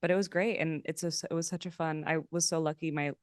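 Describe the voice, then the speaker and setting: A young woman improviser chatting as a podcast guest, self-mocking and animated when quoting people. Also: low-pitched, fast, no echo, studio quality. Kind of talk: casual chat.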